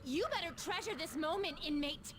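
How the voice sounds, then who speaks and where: A woman's voice: sits high, moderate pace, a bit bright. An actress playing a harsh young female prison warden who snaps orders. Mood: bossy. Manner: bossy, snapping orders. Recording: game audio with music behind.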